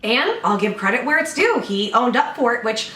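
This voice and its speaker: A woman's voice: on the high side, big pitch swings, normal speed, sharp tone. A woman giving casual, blunt reaction commentary, swearing freely. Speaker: commentary vlogger reacting to a video. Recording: echoey room, distant mic, faint background noise.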